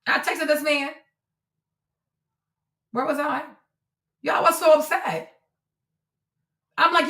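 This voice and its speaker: A woman livestream host with a high, sharp, bright voice, talking in an indignant, emphatic way. Her voice carries a roomy echo around it. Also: steady tone, takes it slowly, long pauses. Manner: indignant, reads her own messages aloud with emphasis. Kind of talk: casual livestream commentary.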